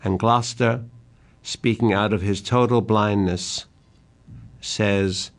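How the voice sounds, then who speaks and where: An older man delivers a literature lecture at a slow, deliberate pace, giving recited lines of verse special emphasis. His voice sits on the low side and holds a steady tone.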